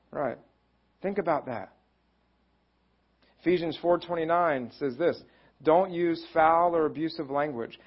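A man's voice: fairly high pitch, slightly rough, dull audio. A man preaching a conversational sermon as a pastor, with self-deprecating humor.

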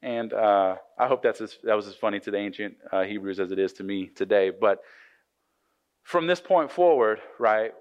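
A man's voice: lowish voice, normal speed, dull audio. A man preaching a casual sermon, retelling scripture in a joking, conversational way with frequent restarts.

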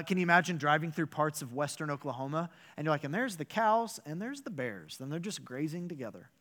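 A man, a pastor, delivering a sermon with animated, emphatic storytelling and rhetorical questions. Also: fairly high pitch.

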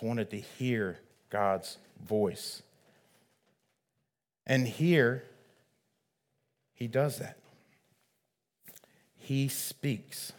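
Slow, earnest preacher man. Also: mid-range voice. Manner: measured and earnest, swelling louder on key phrases. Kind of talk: sermon.

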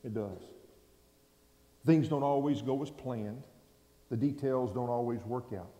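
A man preaching a sermon as pastor, telling a story in a folksy, conversational way that swings from loud to quiet. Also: medium pitch, measured pace. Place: large church hall. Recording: echoey hall, long reverb.

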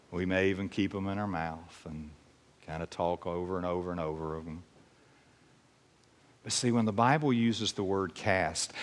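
A man preaching a sermon as pastor, emphatic and animated, repeating key phrases. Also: low voice, long reverb tail.

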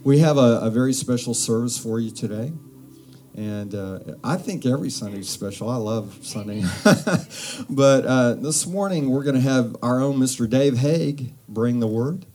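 A man, a pastor, relaxed and friendly as he introduces the guest speaker at a Sunday church service. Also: medium pitch, moderate pace, faint music behind. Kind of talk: church announcement. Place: church sanctuary.

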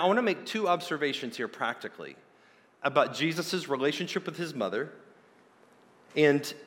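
A man preaching a sermon, earnest and emphatic, slowing down to stress key points. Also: mid-range voice, a bit bright. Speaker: pastor. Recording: long hall reverb.

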